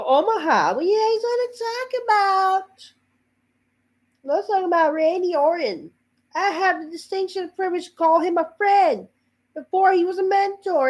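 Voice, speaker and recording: Earnest male pro-wrestling champ cutting a sincere promo, high and steady, as a man mocks him. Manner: solemn, sincere, speech-like delivery.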